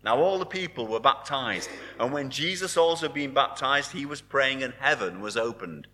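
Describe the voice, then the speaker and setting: A man preaching a sermon with a bright, forceful tone. His pitch rises and falls in a lively way. He speaks earnestly and sinks to a hushed hold on the words he wants to stress. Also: normal speed. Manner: earnest preaching, dropping to soft emphasis on key words.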